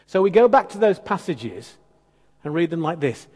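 Husky preacher in a reverberant hall. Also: male voice, a little high, normal speed. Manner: animated, emphatic preaching with conversational asides. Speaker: pastor. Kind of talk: sermon. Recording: long church hall reverb.

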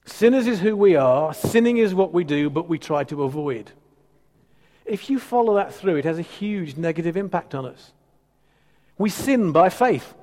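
Man, preacher, fairly high voice, conversational and emphatic, long hall reverb. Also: lively intonation, moderate pace, warm tone. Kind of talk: sermon.

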